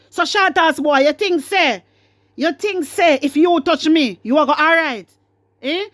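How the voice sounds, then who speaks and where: Jamaican woman vlogger, high-pitched, defiant, dry close sound, ranting to camera. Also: no echo. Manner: defiant, repetitive, mixes patois and English. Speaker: political vlogger. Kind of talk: fiery rant to camera.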